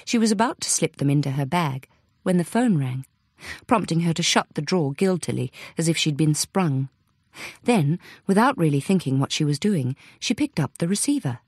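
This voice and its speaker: A woman reads an audiobook in a measured, even way. Her voice sits low. The recording is close and dry. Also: slightly rough, no echo. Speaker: audiobook narrator. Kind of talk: audiobook narration.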